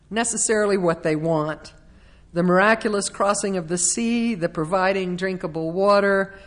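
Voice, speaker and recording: A middle-aged woman preaching a conversational sermon, slipping into acted-out quotes of complaining voices. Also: lowish voice.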